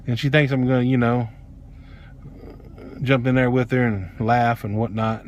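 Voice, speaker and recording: A man's voice: medium pitch, little pitch movement, moderate pace, long pauses, lo-fi sound, slight background noise. A middle-aged man, telling a personal story bluntly and with plenty of swearing. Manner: blunt, profane, heated. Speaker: vlogger. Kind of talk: casual storytelling.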